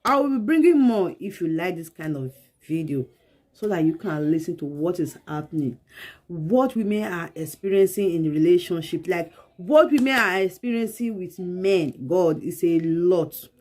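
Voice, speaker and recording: A woman's voice: on the low side, expressive, moderate pace, a little mellow. A woman hosting a channel, talking directly to her viewers and calling them guys as she closes the video. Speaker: channel host.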